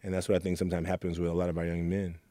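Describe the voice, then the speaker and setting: Man, from Oakland, youth program leader, earnest storyteller, warm low voice. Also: monotone, rapid-fire, no room sound. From Oakland, California. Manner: earnest, storytelling, acts out quotes. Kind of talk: reflective interview talk.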